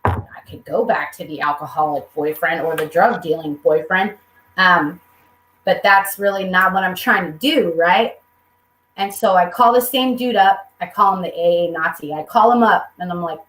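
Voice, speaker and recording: A woman's voice: fairly low pitch, normal speed, roomy sound, low-quality recording. Candid woman telling her recovery story. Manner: candid, humorous, quotes people in lively voices. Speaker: recovery meeting speaker. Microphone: video call.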